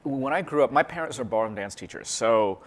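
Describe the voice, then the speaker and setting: A man from California, chatting as an interview guest, lively, laughing often, with many restarts and fillers. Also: mid-range voice, brisk. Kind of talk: casual interview chat.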